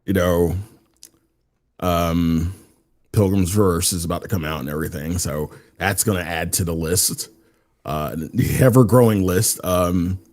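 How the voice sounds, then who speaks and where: A man's voice: sits low, measured pace, a little mellow. A man co-hosting a casual gaming podcast in a laid-back way, swearing casually. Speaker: podcast co-host.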